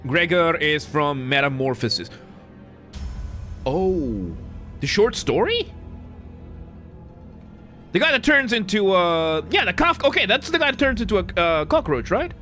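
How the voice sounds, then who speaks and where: A male streamer with a bright, forceful voice, pitched a little high, chatting loosely as he plays. He rambles, corrects himself mid-sentence and cracks jokes at chat, with faint game music under him. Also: very animated, measured pace, pauses often. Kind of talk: casual live-stream commentary.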